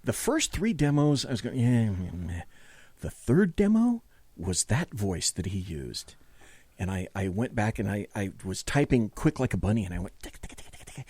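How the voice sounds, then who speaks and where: Lively, dry-voiced rambling male host. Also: on the low side, normal speed, husky, no room sound. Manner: excitable, rambling storyteller with cursing. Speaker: talk show host. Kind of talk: casual late-night talk show banter.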